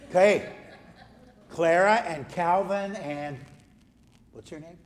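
A man, a pastor, gently leading a children's message during a church service. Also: high voice, takes it slowly. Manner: gentle, coaxing, talks to children. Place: church sanctuary.

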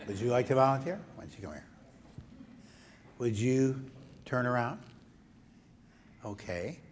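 A man, a pastor, gently leading a children's message during a church service. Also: mid-range voice, lively intonation, measured pace, a little hiss or hum. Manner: gentle, coaxing, talks to children. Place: church sanctuary.

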